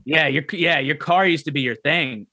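A man's voice: on the high side, moderate pace, bright, forceful tone, no room sound, faint music behind. A man from Memphis telling stories in casual chat, rambling with many fillers. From Memphis, Tennessee. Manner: rambling, filler-heavy storytelling.

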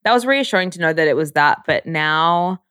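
A woman's voice: deep voice, animated, moderate pace, fairly bright tone, smooth, dry recording, clean studio sound. A young woman co-hosting a podcast in casual chat, talkative and laughing easily, with a casual swear now and then. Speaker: podcast co-host.

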